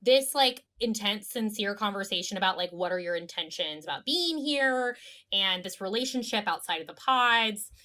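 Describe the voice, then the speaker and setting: A woman co-hosting a podcast, chatting casually in a quick, animated way with lots of "like" fillers. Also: mid-range voice. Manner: chatty, heavy use of "like", animated. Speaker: podcast co-host. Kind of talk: casual recap chat.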